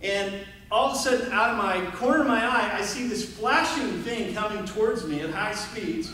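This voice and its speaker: A man with a high voice tells funny school stories at a memorial reunion, acting out the people in them and joking about himself. He is heard from a distance in a very echoey hall, with faint room noise behind him. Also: moderate pace, bright, forceful tone. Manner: storytelling, acts out voices, self-mocking humor. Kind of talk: anecdotal memorial speech.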